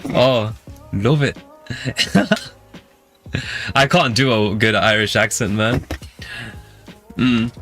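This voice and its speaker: A man's voice: lowish voice, slow, long pauses, fairly bright tone. A man with a London accent, hosting a music channel and chatting casually with viewers in long rambling stories full of fillers. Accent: London English. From England. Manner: rambling, filler-heavy storytelling. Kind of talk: casual chat with live viewers.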